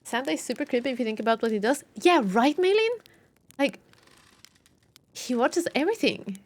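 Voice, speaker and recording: A woman's voice: fairly high pitch, a little fast. Giggly young woman streaming a game. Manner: giggly, playful, exclaims often. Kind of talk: live gameplay commentary.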